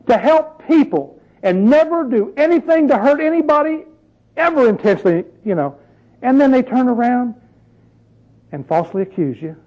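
A man's voice: very high-pitched, a little mellow, lo-fi sound. A man preaching a sermon in a conversational, emphatic way, full of rhetorical questions.

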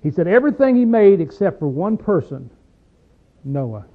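A man's voice: high voice, big pitch swings, normal speed. A man preaching a sermon in a folksy, emphatic way with a Southern US accent, often asking his listeners questions. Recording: tinny phone-like recording.

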